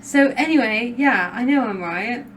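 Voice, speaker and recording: Brief: woman podcast co-host, chatty and giggly, a little high, sitting back from the mic with clear noise behind her. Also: expressive, a little slow, recorded from a distance. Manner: giggly, chatty, many fillers. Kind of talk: casual podcast chat.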